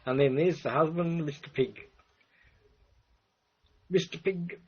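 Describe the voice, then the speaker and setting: A man's voice: on the high side, takes it slowly, very noisy. A man hosting a livestream, meandering through his thoughts with many restarts. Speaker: livestream host. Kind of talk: rambling livestream chat. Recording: dull lo-fi stream audio.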